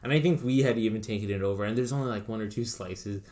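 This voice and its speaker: A man's voice: lowish voice, fast, a little mellow. A man in his thirties telling a story in a casual chat, swearing freely and laughing as he goes. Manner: profane, laughing through the story.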